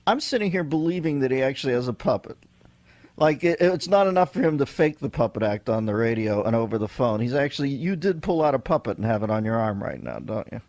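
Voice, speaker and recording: A male radio host bantering with a guest, with quick, wry interjections. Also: mid-range voice, lively intonation, a little mellow, no room sound. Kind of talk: radio talk show banter.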